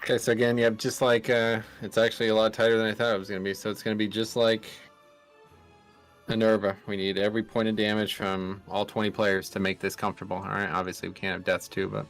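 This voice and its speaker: Brisk low-voiced male raid leader. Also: flat delivery, soft background music. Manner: brisk, directive. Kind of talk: live-streamed raid calls.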